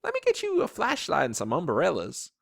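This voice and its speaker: A man voicing a lively older woman. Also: fairly high pitch, brisk, gravelly, slightly rough, dry recording, clean studio sound, voice pushed up, exaggerated voice. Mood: calm. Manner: lively exclaiming. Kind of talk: read-aloud storybook.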